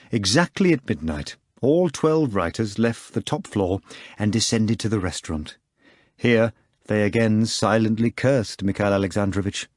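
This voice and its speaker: A man narrating an audiobook in a dramatic, theatrical style that swings between hushed low passages and loud outbursts. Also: dry recording, studio quality. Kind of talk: scripted narration.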